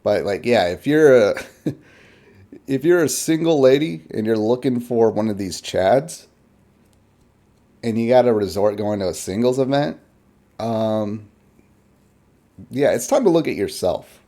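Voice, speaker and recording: A man's voice: medium pitch, lively intonation, measured pace, pauses often, dark tone. A man giving casual, rambling reaction commentary in a blunt, chuckling way.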